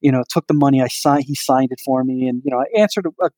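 A man's voice: medium pitch, fast talker, warm tone, dry recording. A man co-hosting a casual podcast, rambling with many fillers and restarts. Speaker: podcast co-host.

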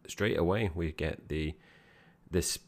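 A man co-hosting a casual film podcast. His voice is very deep and gravelly. He talks in a chatty, friendly way and calls his co-host "mate". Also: slow.

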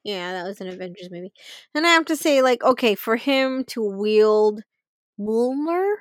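A woman's voice: mid-range voice, normal speed, no room sound. A woman co-hosting a podcast in casual chat, swearing freely and laughing as she talks. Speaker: podcast co-host.

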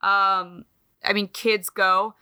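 A woman co-hosting a podcast in casual chat, talking in an animated, swearing, self-mocking way. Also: medium pitch, slow pace, clear, resonant tone. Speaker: podcast co-host.

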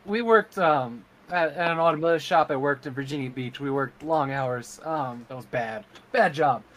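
A man with a fairly high voice that sounds bright and forceful. He talks in relaxed chat, earnest and rambling, and leans on fillers. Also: moderate pace. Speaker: streamer and podcast co-host. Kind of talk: casual chat.

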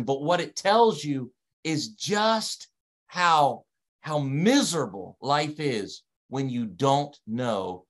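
Emphatic pastor with a Delaware accent. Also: male voice, a little high. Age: 40s. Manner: emphatic, repeats key phrases, asks listeners to respond. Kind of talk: sermon. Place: streamed online service.

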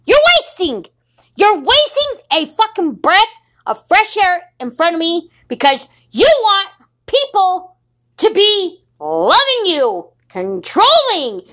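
Young adult woman, defiant angry rant full of swearing, high voice, slow and deliberate. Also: huge pitch swings, fairly bright tone. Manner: furious, defiant, swearing constantly. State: sleep-deprived. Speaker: podcaster. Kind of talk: angry profane monologue.

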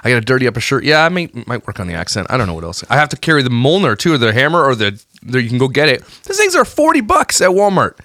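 A man's voice: medium pitch, wildly swooping pitch, fast, few pauses, pushed and bright, no room sound. A man co-hosting a podcast, chatting in a joking, rambling way. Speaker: podcast co-host. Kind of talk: casual chat.

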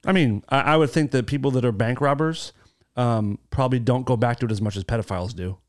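A man hosting a podcast in casual chat, blunt and swearing freely. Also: quick pace. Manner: blunt, swears freely, lively pitch swings. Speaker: podcast host.

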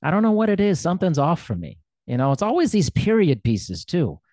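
An American man hosts a relaxed chat, his voice rising and falling a great deal as he teases and laughs. The sound is close and dry, with no room around it. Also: a little high, a little fast, no room sound. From United States. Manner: curious, teasing, laughs often. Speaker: podcast host. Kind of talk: casual interview chat.

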